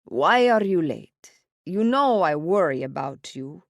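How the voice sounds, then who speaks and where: A woman reading an audiobook, voicing a gruff, overprotective older father with an Italian accent who growls his orders. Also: fairly low pitch, animated, slow pace, no room sound. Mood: scolding. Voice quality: growling, stern. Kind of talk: audiobook character voice. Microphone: close studio mic, dry.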